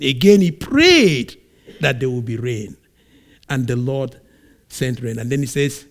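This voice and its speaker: A man from Nigeria preaching a sermon, retelling a scripture story in an animated way. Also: mid-range voice, unhurried. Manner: animated storytelling, acts out scenes.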